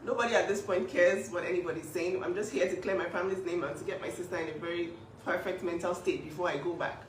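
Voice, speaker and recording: Woman defending her sister on camera, forceful and indignant, recorded at a distance in a reverberant room. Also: lowish voice, fairly even intonation, fast. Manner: emphatic, indignant, restarts often. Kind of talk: emotional vlog statement. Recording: echoey room, distant mic, faint noise.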